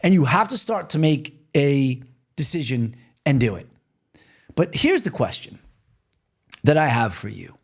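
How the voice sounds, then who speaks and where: A man's voice: mid-range voice, big pitch swings, a little slow, gravelly, long pauses, husky. A man from New York hosting a podcast, talking earnestly and repetitively straight to the listener in a motivational monologue. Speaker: podcast host.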